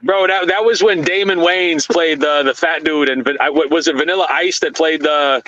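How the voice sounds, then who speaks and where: A man's voice: on the high side, normal speed, fairly bright tone, no echo, dull audio. A man hosting a casual, crude, joking group chat over a voice call. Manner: loose, joking, crude banter. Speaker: podcast host.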